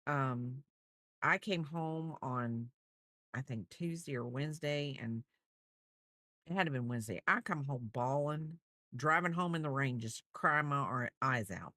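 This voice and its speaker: A woman's voice: a bass voice, unhurried, bright, forceful tone, dry recording, studio quality. A woman crochet streamer in a rambling, chatty livestream, talking to her viewers. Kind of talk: casual livestream chat.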